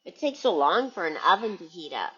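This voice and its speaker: A woman's voice: lowish voice, very animated, brisk, a bit bright, slightly rough, dull audio. A woman hosting a parrot channel, chatting casually at home with her birds and reading viewer comments.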